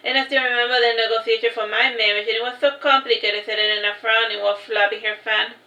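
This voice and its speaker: A woman's voice: fairly high pitch, fairly even intonation, fast, sharp tone, reverberant, lo-fi sound. A woman reading her own novel aloud in a casual way, breaking off with chatty asides and restarting lines. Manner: loose, with restarts and chatty side remarks.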